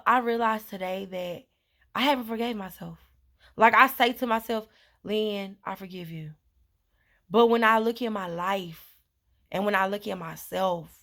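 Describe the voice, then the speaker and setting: A woman's voice: a little high, fairly bright tone. A woman vlogger talking earnestly and rambling, with many fillers and repetitions, in a casual heartfelt monologue.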